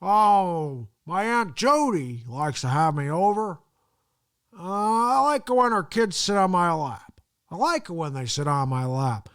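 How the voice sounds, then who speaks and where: A man's voice: high voice, expressive, a bit bright, clean tone, full character voice. A man doing a rambling elderly politician. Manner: halting, trailing off, drawn-out words.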